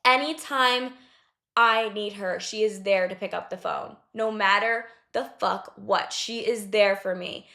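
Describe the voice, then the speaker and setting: A young woman talks straight to her listeners in a loose, conversational way. She is blunt and drops swear words without a second thought. Her voice sits at an ordinary middle pitch for a woman. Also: a little slow, vocal fry, sharp tone. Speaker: podcast host. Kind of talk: casual advice talk.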